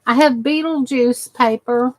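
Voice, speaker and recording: Woman, crafting vlog host, exhausted, unhurried, slightly high voice, rambly chat. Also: darkish tone, poor audio. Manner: rambling, talks to herself while working.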